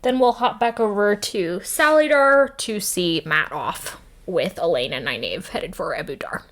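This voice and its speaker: A woman co-hosting a casual podcast, recapping a book chapter with quick quoted voices, frequent laughter and swearing. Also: medium pitch, animated, fairly bright tone. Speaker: podcast co-host.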